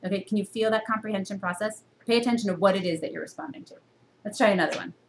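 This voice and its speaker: A woman teaching a university reading course in a recorded lecture to a camera, asking her students many questions and jumping up in pitch to stress her points. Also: very fast, a little hiss or hum. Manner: teacherly, full of rhetorical questions; expressive jumps in pitch for emphasis.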